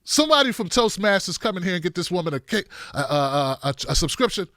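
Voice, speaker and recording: A male political commentator with a high, bright voice, talking in an animated, sarcastic way with a lot of emphasis. The sound is dry and close, with no room echo. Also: fast.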